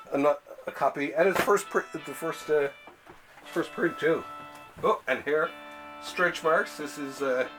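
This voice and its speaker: A man hosting a casual show about comic books, rambling and often laughing as he talks. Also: mid-range voice. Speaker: show host. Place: home library room.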